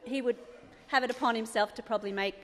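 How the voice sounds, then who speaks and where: A woman's voice: a little high, fairly even intonation, fast. A woman in her thirties with an Australian accent giving a chatty, rambling wedding speech for her sister, laughing often. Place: wedding reception venue. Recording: reverberant hall.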